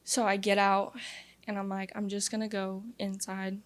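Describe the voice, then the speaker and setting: A woman's voice: mid-range voice, completely flat delivery, normal speed. A young woman from Louisiana telling her personal testimony as an interview guest, in an earnest, confessional way with lots of "like" fillers.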